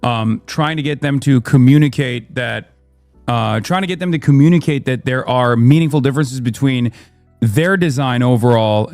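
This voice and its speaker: A man's voice: medium pitch, a little mellow, no room sound. Earnest male political commentator, dry sound.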